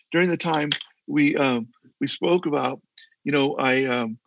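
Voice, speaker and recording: Gravelly older man, earnest and rambling. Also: mid-range voice, fairly bright tone, no room sound, highs cut off. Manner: earnest, rambling with many restarts. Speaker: guest, former mayor. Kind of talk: casual interview storytelling.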